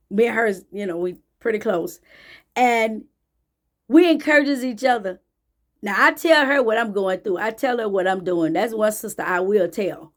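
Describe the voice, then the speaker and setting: Woman, faith-based motivational talk, emphatic, repetitive, fairly high voice. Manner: preachy, emphatic, repeats phrases for emphasis. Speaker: motivational speaker.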